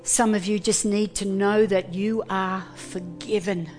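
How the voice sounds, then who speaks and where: A woman pastor giving a sermon, earnest and deliberate, pausing between phrases. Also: medium pitch, fairly even intonation, a little mellow, soft background music.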